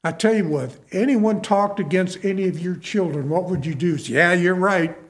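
A man's voice: high voice, normal speed, a little mellow. A male pastor preaching a sermon to his congregation in a folksy manner, repeating key phrases for emphasis.

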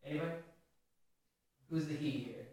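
A man's voice: fairly high pitch, moderate pace, a little mellow. A male pastor preaching a sermon in a conversational way, asking the congregation questions. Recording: very echoey hall, voice from a distance.

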